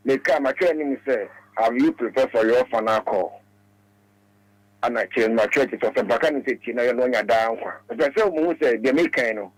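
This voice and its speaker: A man calling in to a radio show, talking in halting, broken English. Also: mid-range voice, no room sound, poor audio. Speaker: radio caller. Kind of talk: phone-in talk.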